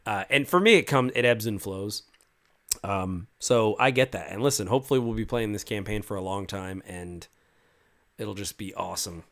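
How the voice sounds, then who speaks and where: A man with a fairly low voice chats casually on a livestream as a game master. He reads out viewer comments and answers each one in a loose, rambling way, full of restarts and little fillers. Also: moderate pace, gravelly, fairly bright tone. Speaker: game master and stream host.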